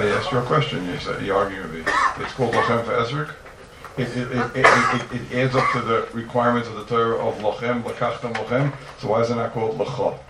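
A man teaching a yeshiva-style Talmud class to students, animated and firing rhetorical questions at them. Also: on the low side. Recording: roomy, distant mic, noisy ambience.

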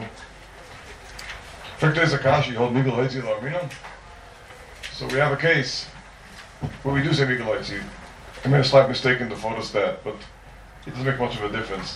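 A man teaching a Talmud class, working through cases with lively rhetorical questions. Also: medium pitch. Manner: lively, rhetorical questions, mixes Hebrew and Aramaic terms. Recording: roomy echo, mic far off, faint noise.

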